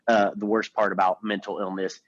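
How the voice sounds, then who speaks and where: A man co-hosting a podcast, talking earnestly about a film in a casual, halting way. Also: fairly low pitch, little pitch movement, dry recording, lo-fi sound. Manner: earnest, many restarts. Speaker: podcast co-host.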